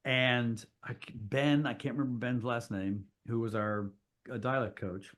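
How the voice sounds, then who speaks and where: A middle-aged man from Kentucky with a Kentucky accent, an actor chatting as a podcast guest, telling animated stories and swearing freely. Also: medium pitch, unhurried. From Kentucky, USA. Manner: animated storytelling with frequent swearing. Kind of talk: casual interview chat.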